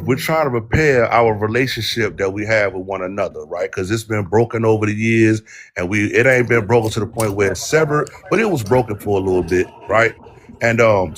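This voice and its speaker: A man's voice: lowish voice, a bit bright. A man arguing bluntly in a heated debate, full of slang and hard questions. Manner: blunt, argumentative, uses slang. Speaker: debate participant. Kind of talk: heated street-style debate.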